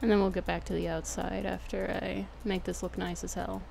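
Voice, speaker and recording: Gravelly Texan woman streaming casually. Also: fairly low pitch, flat delivery, brisk, darkish tone, slight background noise. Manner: laid-back, jokey, slangy, swears casually. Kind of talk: casual gameplay commentary.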